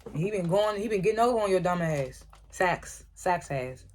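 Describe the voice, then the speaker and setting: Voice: mid-range voice, lively intonation. Laughing, slangy episode recapper. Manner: chuckles often while retelling scenes; acts out characters' lines in quick quotes. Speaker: TV episode reviewer.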